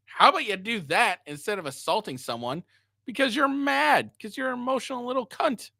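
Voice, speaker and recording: A man's voice: very high-pitched, expressive, brisk, pushed and bright, dry recording, studio quality. A man hosting a reaction commentary, ranting angrily with heavy profanity. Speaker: commentary host.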